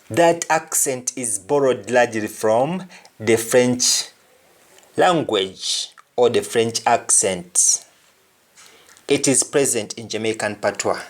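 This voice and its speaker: A male teacher walks through a pronunciation lesson at an unhurried crawl. He says each word carefully and repeats it so the listener can copy the sound. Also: mid-range voice, lively intonation. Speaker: language teacher.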